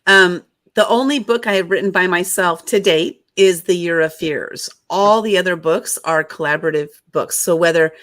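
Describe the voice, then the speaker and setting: Woman in her 50s telling her story on a video call, lowish voice, dry sound, acts out the quotes. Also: normal speed, few pauses, a bit bright, no echo. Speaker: guest author and publisher. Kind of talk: storytelling interview.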